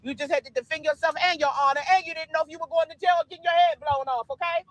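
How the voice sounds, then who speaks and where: A man's voice: very high voice, fairly even intonation, very fast, a bit bright, dry recording, rough recording. A man livestreaming from a city street and car, talking in a profane, emphatic, repetitive way. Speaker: livestreamer at a protest. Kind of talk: livestream commentary.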